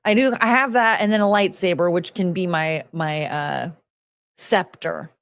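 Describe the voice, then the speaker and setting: Rambling, excitable woman streamer. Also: on the low side, measured pace. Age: 40s. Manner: rambling, excitable, swears freely, sudden loud outbursts. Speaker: livestreamer. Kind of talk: casual livestream chat reading viewer messages.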